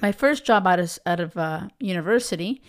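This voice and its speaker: Chatty woman with a smooth voice. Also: on the low side, expressive, a little fast. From United States. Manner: chatty, with many fillers like "right?" and "you know". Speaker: podcast host. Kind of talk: personal storytelling monologue.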